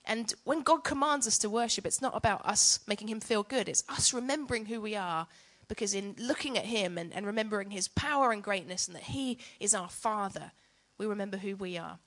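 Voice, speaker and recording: A woman's voice: medium pitch, fairly quick, few pauses, fairly bright tone. A woman giving a chatty, self-mocking teaching talk on worship to church leaders.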